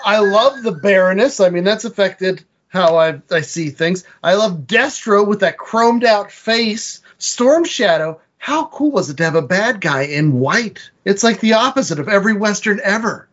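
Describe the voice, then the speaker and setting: High, lively man gushing on a podcast. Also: normal speed, hardly any pauses, muffled recording. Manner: enthusiastic, gushing fan talk. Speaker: podcast co-host. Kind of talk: casual chat.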